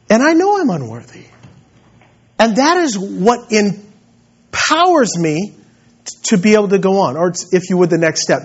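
A man preaching a sermon to his church, emphatic, rising to loud peaks and dropping to low asides. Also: breathy edge, muffled recording. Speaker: pastor.

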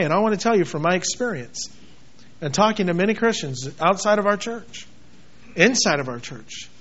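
A high-pitched male pastor delivers a sermon, his voice leaping from shouted emphasis to hushed, low intensity. The recording sounds dull and lo-fi. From United States. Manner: dramatic, shifts between shouting and quiet intensity.

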